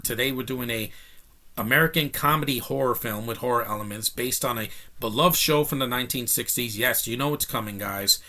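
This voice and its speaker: A man's voice: mid-range voice, bright, forceful tone. A man hosting his own video channel, giving an opinionated, emphatic movie review in a casual, ranting way. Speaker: YouTube film reviewer.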